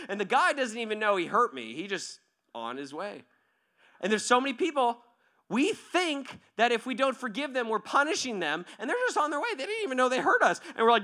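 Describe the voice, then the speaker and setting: Animated, high-voiced preaching man. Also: moderate pace. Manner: animated storytelling, acting out quoted voices; conversational, keeps asking "right?". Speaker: pastor. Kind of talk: sermon.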